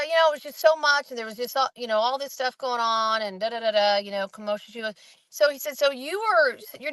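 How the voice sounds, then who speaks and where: A woman with a fairly high voice talks casually, rambling as she retells testimony and slips into quoted voices. The sound is dry and close. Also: a bit bright, no room sound, poor audio. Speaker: host recapping a trial. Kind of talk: casual chat.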